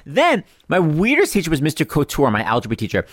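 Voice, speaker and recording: A man hosting a podcast, chatting with quick comic asides and a gossipy, animated delivery. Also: on the high side, no room sound, studio quality. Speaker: podcast host. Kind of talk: chatty podcast monologue and interview.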